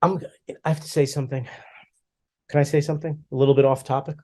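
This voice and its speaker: A middle-aged man talks on a podcast in a mid-range voice. He tells his stories with animation and acts out his own lines. The feel is relaxed, casual chat. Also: medium pitch, quick pace. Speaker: podcast co-host.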